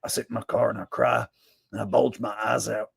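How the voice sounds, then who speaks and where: A man's voice: on the low side, flat delivery, fairly quick, creaky, slightly rough, dry recording, studio quality, pitched below the performer's own voice, heavily acted. A man putting on a mocking parody of a ranting male talk host, whining sarcastically in an exaggerated voice.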